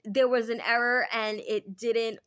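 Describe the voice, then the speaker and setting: A woman's voice: fairly high pitch, fairly even intonation, unhurried, a bit bright, clear, resonant tone. A young woman talking casually to her viewers in a vlog, chatty and self-deprecating. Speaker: vlogger.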